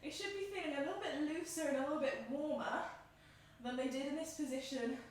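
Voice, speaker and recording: A woman with a high, light voice guides a yoga flow, her calm cues timed to each inhale and exhale. She sounds slightly winded as she moves. Her voice rings around a bare, echoey room, picked up from a few steps away. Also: brisk, slight background noise. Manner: calm, encouraging cues paced with the breath. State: slightly out of breath. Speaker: yoga instructor. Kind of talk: guided yoga class instruction. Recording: echoey room, mic at a distance.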